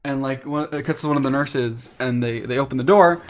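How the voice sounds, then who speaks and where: A man streaming, retelling a story in a casual, animated way with lots of fillers. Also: medium pitch, fairly quick. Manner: animated retelling, with many fillers and acted quotes.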